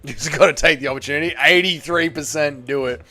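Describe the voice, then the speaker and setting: A man's voice: a little high, fast talker, soft background music. Profane man hosting a fight stream. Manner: loose and profane, bursts into shouts at big moments. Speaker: host of a fight watchalong stream. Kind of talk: casual live-stream commentary and chat reading.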